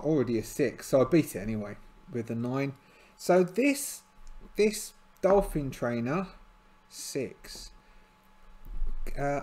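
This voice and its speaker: A man's voice: on the high side, warm tone. A tired man narrating a solo tabletop game, hesitant and full of fillers and restarts.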